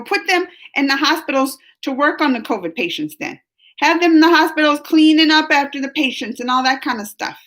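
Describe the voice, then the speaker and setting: Lady chatting with her stream, rambly, laughs a lot, kinda high bright voice, bit sick. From New Orleans, USA. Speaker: livestream host reading chat. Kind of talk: casual live chat.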